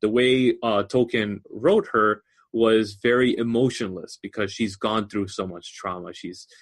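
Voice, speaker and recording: A man on a podcast with a somewhat low voice, talking casually. He gets animated explaining background lore in long, loose stretches. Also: measured pace. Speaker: podcast co-host. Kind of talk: casual chat.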